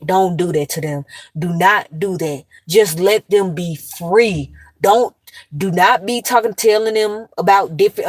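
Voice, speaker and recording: A woman in her thirties with two kids addresses her viewers directly in an animated, blunt rant peppered with cursing. Her voice is on the low side, and the recording is dry.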